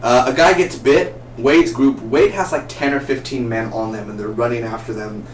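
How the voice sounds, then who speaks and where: A man giving a casual, excitable TV review, rambling and asking his viewers questions, recorded in a roomy space from a distance. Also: mid-range voice, moderate pace. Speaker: TV show reviewer. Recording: roomy, distant mic, faint noise.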